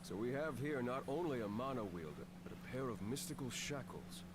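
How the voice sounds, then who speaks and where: An actor playing a composed, formal male war chief who speaks in a measured, dryly courteous way. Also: medium pitch, animated, close to an everyday voice. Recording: game audio with loud background noise.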